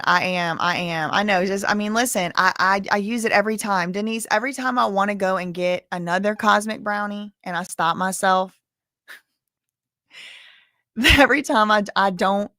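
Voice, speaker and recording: A woman's voice: medium pitch, pushed and bright, no echo, studio quality. A woman in her thirties, a streamer talking casually and self-deprecatingly, rambling with many restarts. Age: 30s. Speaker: commentary streamer. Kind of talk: casual chat.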